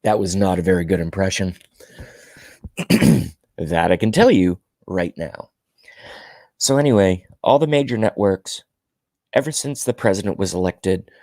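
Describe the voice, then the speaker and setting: A man's voice: low-pitched, expressive, moderate pace, pauses often, darkish tone, dry recording. A man delivering a ranting political monologue to camera, emphatic and indignant, often repeating himself for effect. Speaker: political commentary vlogger.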